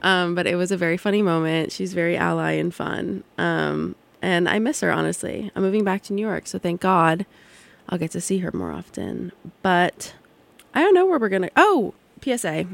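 A woman's voice: fairly low pitch, brisk, vocal fry. A young adult woman hosting a college radio show, chatting casually between songs in a rambling way, full of "like" and "um". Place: radio studio.

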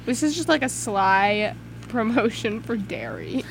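A woman's voice: fairly high pitch, huge pitch swings, creaky, slight background noise. A young woman co-hosting a college radio show, chatting casually and giggling often. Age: young adult. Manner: giggly, quick, swears casually.

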